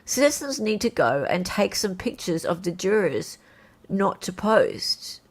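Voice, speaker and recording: A woman hosting a casual livestream, chatting and reading viewer comments aloud in an animated way. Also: medium pitch, measured pace. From Australia. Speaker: host.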